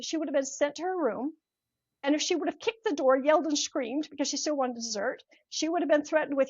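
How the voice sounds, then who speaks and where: Appearing as a podcast guest, an older woman and mindset coach tells an animated personal story, voicing the characters herself. Her pitch is high and her delivery fast. There's no room sound, and the audio quality is lo-fi.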